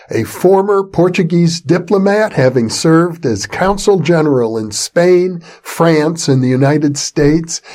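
An older man opens the interview with a calm, deliberate introduction. His voice sits a little high, and he takes his time over each phrase. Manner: measured, deliberate delivery. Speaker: interview host.

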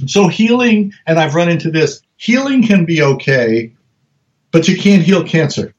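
A man speaking in a relaxed, halting way and often starting his sentences over as he tells stories in an interview. His voice sits a little higher than most men's. The recording sounds dull and lo-fi. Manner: halting, with frequent restarts and acted-out quotes. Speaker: researcher and guest. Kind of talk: casual conversational storytelling.

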